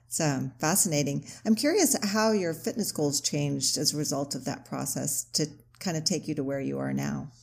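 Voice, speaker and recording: A woman's voice: low-pitched, normal speed, gravelly, few pauses, a little mellow, husky. A woman hosting a podcast, asking curious, encouraging questions. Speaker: podcast host. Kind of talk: interview chat.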